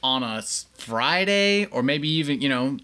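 A man co-hosting a casual movie review podcast, laid-back and dry with quick jokes. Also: mid-range voice, animated, sharp tone, clean tone. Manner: laid-back, wry one-liners. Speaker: podcast co-host.

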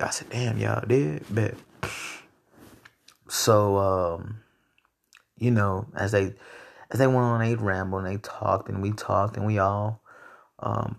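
Man, low voice, gravelly, profane rambling podcast commentary. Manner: loose, profane, rambling, animated outbursts. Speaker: podcast host. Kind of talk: casual solo commentary.

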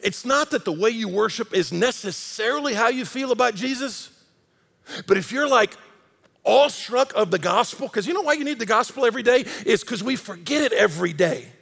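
Gravelly high-voiced preacher in a reverberant sanctuary. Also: male voice, expressive, brisk. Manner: impassioned, swings from loud emphasis to hushed intensity. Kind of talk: sermon. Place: large church sanctuary. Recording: long hall reverb.

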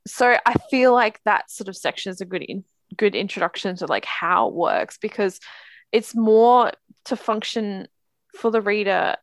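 A woman's voice: mid-range voice, moderate pace, dry recording. A woman in casual chat about a book, talking with many fillers and restarts. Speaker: podcast co-host discussing books.

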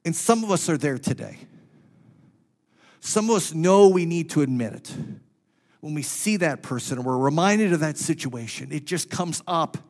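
A male pastor preaching a sermon through a personal story, swinging between loud and hushed and repeating phrases for emphasis. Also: on the high side, lively intonation, normal speed.

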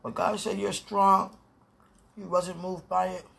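A podcast host speaking aloud to God and a loved one in an emotional, pleading personal monologue, drifting from soft murmurs to loud declarations. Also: mid-range voice, little pitch movement, a little slow, vocal fry, slightly rough.

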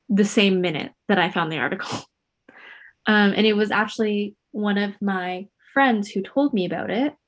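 A woman co-hosting a podcast in casual chat, talkative and acting out what people said. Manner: chatty, acts out quotes with jumps in pitch. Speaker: podcast co-host. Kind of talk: casual chat about motor racing gossip.

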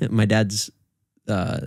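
A young man co-hosting a podcast, chatting casually in a deadpan, hesitant way. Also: fairly low pitch, drawn-out words, no echo, clean studio sound. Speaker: podcast co-host. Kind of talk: casual chat.

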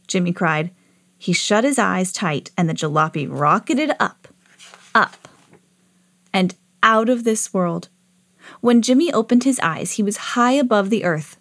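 Expressive mom reading a storybook. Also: female voice, mid-range voice, moderate pace, dry recording, studio quality. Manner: expressive, animated read-aloud. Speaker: podcast host reading aloud.

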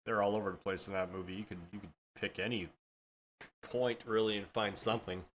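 Brief: low-pitched male co-host with a sharp, forceful tone, relaxed and inquisitive. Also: a little fast, slight background noise. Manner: laid-back, asks questions. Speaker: podcast co-host. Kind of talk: casual chat.

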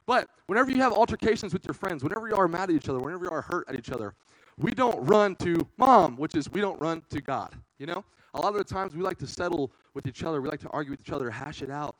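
A young man giving a casual youth sermon in church, telling a story with slang and loudly acting out what people said. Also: fairly high pitch, no room sound, poor audio. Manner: animated, slangy storyteller, acts out quotes loudly. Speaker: youth pastor.

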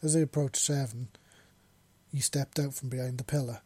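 A man narrating a story in a steady storytelling manner. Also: mid-range voice, moderate pace, slightly rough. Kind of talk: audiobook narration of fan fiction.

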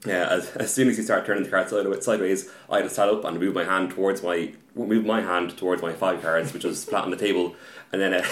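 A man telling a story about a card game match in casual podcast chat, halting and repeating words, getting animated as the story builds. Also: on the low side, roomy sound.

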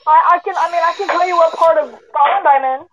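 A woman's voice: fast talker, a little hiss or hum. A young woman calling into a podcast, talking hesitantly with many fillers and restarts. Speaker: caller. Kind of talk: casual call-in chat. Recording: muffled low-quality call audio.

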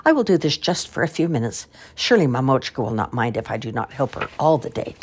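An older woman voicing a little lost peasant girl in a husky voice. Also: extremely low pitch, big pitch swings, fast, full character voice. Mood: wistful.

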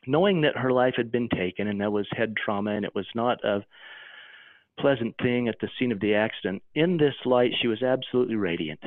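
A man recounting a deeply personal experience as an interview guest, earnest and halting, often restarting his sentences. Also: no room sound. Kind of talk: emotional personal account. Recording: tinny phone line.

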